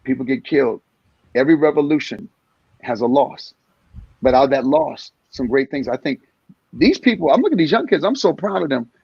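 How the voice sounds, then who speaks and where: A comedian in his sixties talking in an animated interview, acting out little scenes in different voices. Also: medium pitch, fairly quick, gravelly, husky, dry recording, dull audio. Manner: energetic storyteller acting out voices. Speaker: comedian guest.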